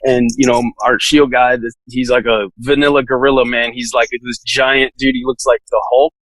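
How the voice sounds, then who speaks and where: A man's voice: medium pitch, little pitch movement, moderate pace, fairly bright tone, no room sound, rough recording. A man telling a story in a casual, laid-back way, full of "like" fillers and laughing now and then. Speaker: podcast guest, SWAT officer.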